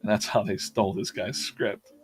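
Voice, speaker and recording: Soft music plays in the background as a man with a lowish, steady voice talks at normal speed. He's an artist streaming himself drawing, making casual chat and retelling a rambling story packed with fillers, restarts and self-corrections.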